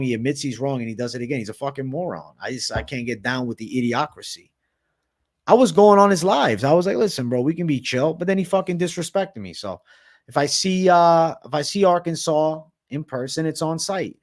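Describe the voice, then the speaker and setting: Man, livestream host, casual chat, slangy, swears a lot, mid-pitched voice. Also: animated, a little fast, a little mellow. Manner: profane, slangy, reads and answers chat comments.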